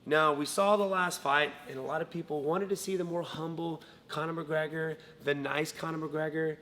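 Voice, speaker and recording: A man co-hosting a casual fight breakdown, energetic and playful, speaking like a coach. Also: fairly high pitch, normal speed, slight background noise. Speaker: co-host. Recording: long reverb.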